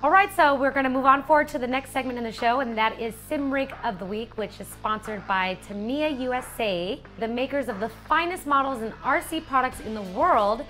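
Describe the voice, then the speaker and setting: A woman co-hosting a sim racing show, reading segment intros smoothly and teasing her co-host. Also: high-pitched, a little fast, few pauses, a bit bright, faint music behind. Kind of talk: scripted segment reading mixed with chat.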